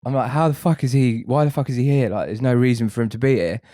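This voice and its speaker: A man's voice: medium pitch, fast talker, warm tone, no echo, studio quality. A man telling a long funny story on a podcast, swearing freely and laughing along. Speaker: podcast co-host. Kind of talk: casual storytelling.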